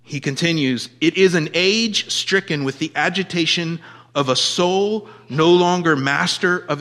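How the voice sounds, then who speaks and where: Emphatic preacher man in a reverberant hall. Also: sits high. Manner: emphatic, swinging from loud declarations to quiet asides. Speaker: pastor. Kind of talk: sermon.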